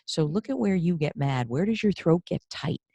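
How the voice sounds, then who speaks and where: A woman hosting a podcast interview as a career coach, effusive and animated, telling personal stories. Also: deep voice, moderate pace, gravelly, slightly rough, no echo, lo-fi sound.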